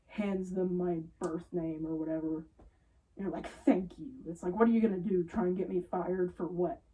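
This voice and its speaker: A woman's voice: on the low side, distant mic, poor audio. A young woman retail worker casually telling an exasperated story about rude customers. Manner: exasperated, animated retelling with quoted customers.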